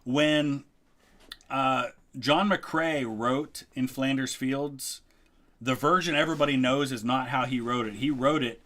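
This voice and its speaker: Relaxed middle-aged man ranking songs. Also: medium pitch, slow. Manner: relaxed, thinks aloud with many ums. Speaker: history YouTuber, guest co-host. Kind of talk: casual ranking chat.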